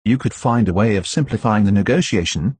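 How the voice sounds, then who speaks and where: A man reading the part of an earnest, persuasive young gentleman in an audiobook. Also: on the low side, brisk, breathy edge, no room sound.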